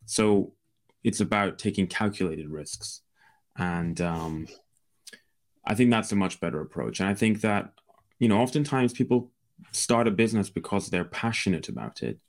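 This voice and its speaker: A man's voice: lowish voice, expressive, moderate pace. A man from Scotland with a Scottish accent, a guest on a podcast, explaining his views fluently and confidently. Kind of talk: casual interview.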